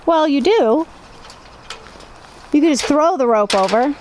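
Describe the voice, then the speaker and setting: Sitting high and unhurried, a woman's voice belongs to a home vlog host who chats casually to the camera, rambling along with plenty of fillers. She moves in and out of doors around her home, and a steady hiss runs beneath her speech.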